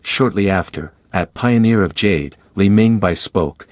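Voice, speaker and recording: Male narrator, scripted recap, steady even read, lowish voice, dry close sound. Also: a little slow, no room sound.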